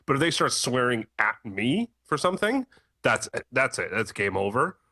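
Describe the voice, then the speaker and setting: Male podcast co-host, plain-spoken and firm, bright forceful tone, dry recording. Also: mid-range voice, sing-song, moderate pace, no echo. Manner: firm, matter-of-fact, plays out phone calls. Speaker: business owner, podcast co-host. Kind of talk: casual podcast chat.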